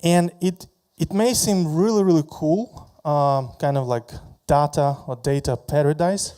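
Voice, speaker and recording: A man giving a conference talk about his product, halting often and repeating words as he walks through slides. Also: a little high, warm tone.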